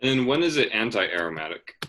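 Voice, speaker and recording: A man's voice: lowish voice, very animated, normal speed, fairly bright tone, slight background noise. A young man tutoring chemistry, asking guiding questions in a patient, casual way with frequent restarts.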